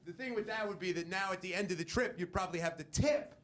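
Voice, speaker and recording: A man doing a stand-up comedy bit with an animated, punchy delivery. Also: high-pitched, quick pace. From New York.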